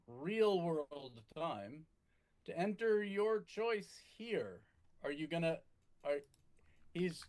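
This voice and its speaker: A man narrating a tabletop game as its game master, measured and halting, with frequent restarts. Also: high-pitched.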